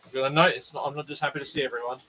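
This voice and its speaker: A man's voice: mid-range voice, steady tone, racing, noisy background. An Australian man chatting casually as a vlog host, rambling and joking at his own expense. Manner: joking, self-deprecating, rambling asides. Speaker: channel host.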